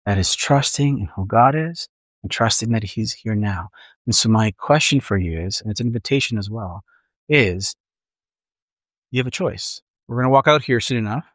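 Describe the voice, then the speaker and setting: A man's voice: fairly low pitch, expressive, normal speed, fairly bright tone, dry recording. A man preaching a sermon as pastor, earnest and reflective, speaking to a congregation in a church room.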